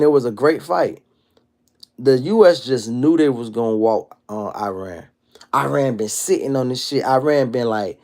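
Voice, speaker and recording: Animated, profane man in his thirties. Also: fairly high pitch. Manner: animated, profane street storytelling. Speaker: livestream host. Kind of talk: casual livestream monologue.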